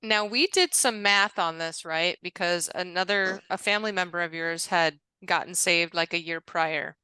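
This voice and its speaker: A woman's voice: fairly low pitch, moderate pace, pushed and bright, clear, resonant tone, no echo. A woman hosting an interview, affirming her guest and asking follow-up questions. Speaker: host. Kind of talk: interview conversation.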